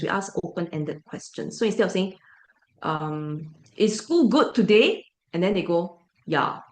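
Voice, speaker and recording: Lady teacher briefing parents, keeps asking "right? okay?", roomy echo. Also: medium pitch. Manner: emphatic, asks frequent rhetorical checks.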